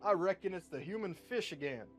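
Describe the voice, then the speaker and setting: A naive, folksy cowboy gunslinger played by a man speaks politely, with old-fashioned, homespun turns of phrase. His pitch sits a touch high. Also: expressive, brisk, faint music behind. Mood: proud.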